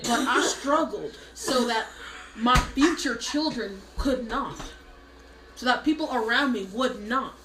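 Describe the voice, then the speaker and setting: A woman's voice: on the high side, noisy background. A woman performing a comic monologue, telling a spoiled, self-pitying story with a straight face. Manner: mock self-pitying, deadpan exaggeration. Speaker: comedic storyteller. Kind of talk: mock-dramatic comic monologue. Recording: roomy echo.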